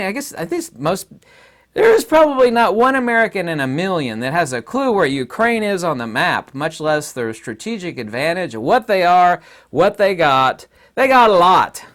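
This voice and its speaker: A man's voice: a little high, fairly bright tone. Rambling sarcastic middle-aged man. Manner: rambling, sarcastic, laughs often. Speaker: channel host, commentator. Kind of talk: casual commentary monologue.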